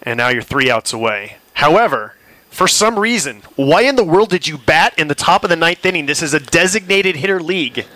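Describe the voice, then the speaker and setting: A man's voice: on the high side, expressive, brisk, pushed and bright, dry recording, poor audio. A man hosting an interview, recapping plays and asking questions. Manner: sets up the story, recaps plays. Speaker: interviewer, host.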